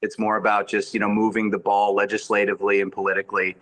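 A comedian guest in a casual comedic chat, jokey and rambling with frequent restarts. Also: male voice, fairly low pitch, completely flat delivery, fast, fairly bright tone.

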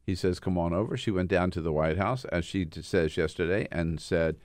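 A man's voice: deep voice, brisk, darkish tone, no room sound, studio quality. A man hosting a political talk radio show, retelling events in an emphatic, indignant way.

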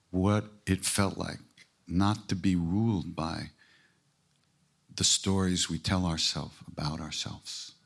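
A man with a lowish voice speaks in an informal spiritual talk. He is blunt and earthy, and he jokes between emphatic, repeated points. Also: creaky. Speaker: spiritual teacher.

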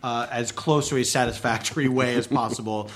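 A comedy performer talking casually, halting and restarting with lots of fillers. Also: male voice, mid-range voice, steady tone. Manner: halting, full of ums and restarts.

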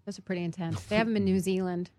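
A woman's voice: lowish voice, fairly even intonation, very fast, warm tone, no room sound. Candid laughing woman, dry sound. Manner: candid, laughing, swears freely. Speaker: guest. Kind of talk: casual chat.

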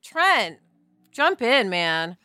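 An expressive woman co-hosts a podcast. Her voice is high and lively, and her tone is bright. She is recorded close and dry. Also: extremely slow, dry recording. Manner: expressive, animated, chatty. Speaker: podcast co-host. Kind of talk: casual podcast chat.

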